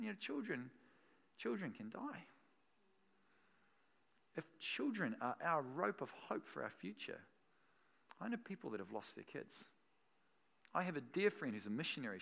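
A man preaching a sermon as pastor, animated, swinging between soft and loud and laughing between points. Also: fairly high pitch, vocal fry.

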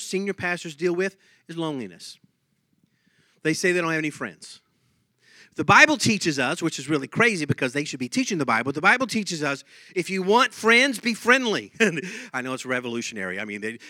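High bright-voiced man preaching. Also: no room sound. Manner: conversational preaching with jokes and laughs; asks the congregation many quick questions. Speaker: pastor. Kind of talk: sermon.

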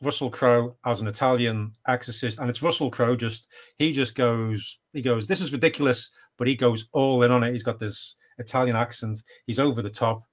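A middle-aged man co-hosting a casual podcast. He rambles along with plenty of fillers and restarts, his pitch sitting in an ordinary middle range. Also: steady tone, normal speed. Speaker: podcast co-host. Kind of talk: casual chat.

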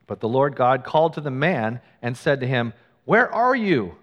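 A man's voice: medium pitch, a little fast, in a large hall, lo-fi sound. A man preaching a sermon in a church, reading scripture and adding conversational, self-deprecating asides. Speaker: pastor.

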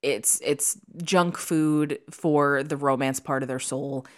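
A woman's voice: deep voice, fairly even intonation, slow pace. A young woman co-hosting a podcast, talking in an emphatic, opinionated, chatty way. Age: young adult. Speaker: podcast co-host. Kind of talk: casual chat.

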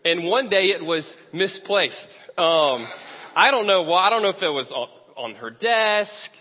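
A man tells a story from the pulpit in a bright, forceful voice that sits a little high. He talks in a chatty, self-deprecating way, often laughing at himself. The sound rings with the long reverb of a large hall. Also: expressive, measured pace. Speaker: preacher. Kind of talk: storytelling sermon.

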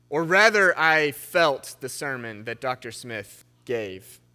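A man's voice: medium pitch, bright, forceful tone. A young man preaching in a church sanctuary, reading scripture with shifting emphasis and then telling a story in a conversational way. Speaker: pastor. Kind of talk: sermon.

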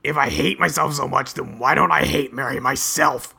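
A man's voice: medium pitch, normal speed, vocal fry, pushed and bright, breathy edge, heavily acted. A man voicing an irritable, exasperated teenage troll boy while reading game dialogue. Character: grumpy shouty teen troll boy.

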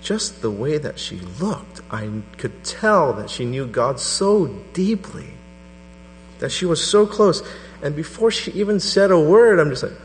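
A middle-aged man preaching a sermon to a congregation, telling a personal story with animated energy. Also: unhurried. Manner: animated storytelling, voice rising to a high pitch in quoted prayers. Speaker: pastor. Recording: reverberant hall with mains hum.

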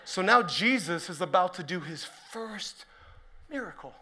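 A man preaching a sermon to a church, joking with the crowd and building up to shouted points. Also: high voice, unhurried. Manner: energetic, joking, rising to shouted emphasis. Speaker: pastor.

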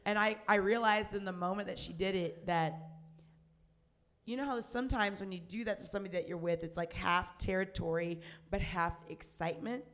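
A woman in her thirties telling a loud, profane story in casual chat, acting out the quotes with a rising voice. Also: mid-range voice, fairly even intonation, fairly quick.

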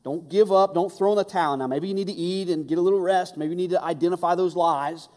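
A man's voice: high voice, fast talker, a little mellow. Fervent man preaching in a hall. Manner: impassioned, emphatic, repeats key phrases. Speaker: pastor. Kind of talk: sermon. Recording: long hall reverb.

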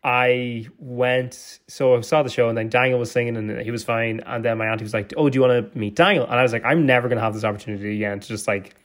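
A man's voice: medium pitch, level tone, fast, hardly any pauses, a bit bright. A young man from Donegal with a Donegal Irish accent, telling rambling stories in casual chat and laughing often. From Donegal, Ireland. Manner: rambling storyteller, laughs often, many restarts.

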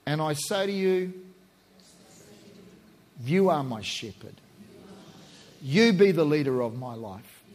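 Man, pastor, impassioned sermon, high voice, slow deliberate delivery. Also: lively intonation. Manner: impassioned, shouting at peaks then slow and hushed in prayer. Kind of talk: sermon and prayer.

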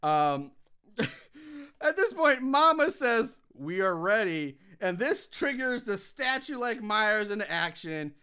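A man's voice: extremely high pitch, big pitch swings, takes it slowly, pushed and bright, smooth. A man co-hosting a casual chat, recapping a film with profanity and laughter, acting out quotes with big swings in voice. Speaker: podcast co-host recapping a film.

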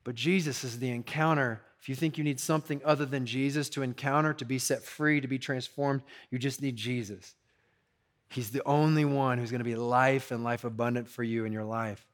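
A man's voice: mid-range voice, fairly even intonation, brisk. A male pastor preaching a sermon in a conversational, urgent way, full of "like" and "you know".

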